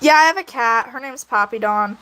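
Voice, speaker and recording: A woman hosting a casual livestream, answering her chat in an animated, giggly way. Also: on the high side, fairly quick, clean tone, rough recording. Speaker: livestream host.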